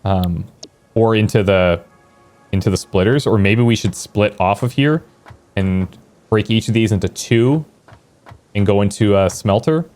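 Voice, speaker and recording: A man's voice: on the low side, measured pace, pauses often, darkish tone. Chatty man thinking aloud over gameplay. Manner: thinking aloud, chatty, reads out viewer chat. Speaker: let's play streamer. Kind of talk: casual gameplay commentary.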